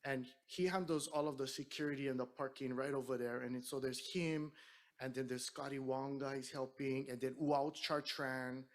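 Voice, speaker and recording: A middle-aged man from Hawaii with a Hawaiian Pidgin-tinged accent, an entertainer telling an animated story to an audience between songs. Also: medium pitch, moderate pace. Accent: Hawaiian Pidgin-tinged English. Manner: chatty, animated storyteller who acts out quotes. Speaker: singer and entertainer.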